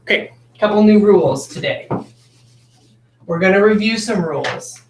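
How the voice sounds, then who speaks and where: A woman's voice: mid-range voice, lively intonation, moderate pace, echoey room, slight background noise. A woman teacher giving a phonics lesson to children, addressing them directly and encouragingly as she demonstrates words. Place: classroom.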